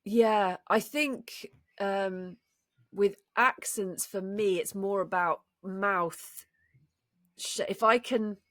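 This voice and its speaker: A woman talks through her thoughts in a loose, chatty way, often restarting mid-sentence. Her voice sits at a middling pitch, recorded close and dry with no room around it. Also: drawn-out words, a bit bright, no echo. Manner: chatty, thinks aloud with restarts. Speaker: podcast co-host. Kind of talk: casual chat.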